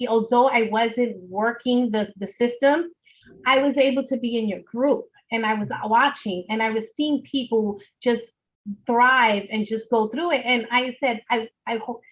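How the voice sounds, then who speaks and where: A Bronx woman with a New York accent shares her story in an earnest, driving way, leaning on repeated phrases. Her voice sits high. The sound is a little dull, like a video call. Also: fairly even intonation, unhurried. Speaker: guest, notary signing agent. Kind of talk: emotional personal testimony.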